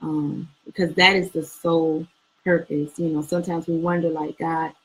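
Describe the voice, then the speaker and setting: A woman's voice: deep voice, flat delivery, normal speed, slightly rough, rough recording. A woman co-hosting a live couples show, speaking earnestly to viewers with many "you know" fillers.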